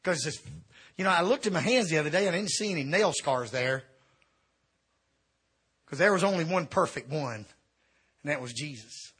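A middle-aged evangelist preaches through a funny personal story, his husky voice sitting a little high for a man. He bounces between loud outbursts and hushed, sheepish asides as the tale unfolds. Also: normal speed, pauses often. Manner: animated comic storytelling, swings from shouting to quiet. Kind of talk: storytelling sermon.

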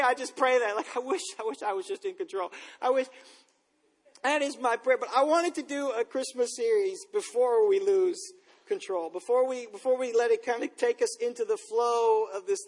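A man in his thirties, a pastor, giving a conversational sermon with relaxed, self-deprecating stories. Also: sits high. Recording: long reverb in a large room.

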